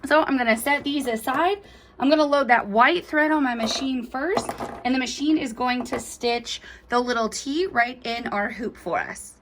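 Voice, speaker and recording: A woman's voice: high voice, moderate pace, a bit bright, a little hiss or hum. A woman giving a chatty, enthusiastic step-by-step embroidery tutorial, gushing over cute details. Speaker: embroidery instructor.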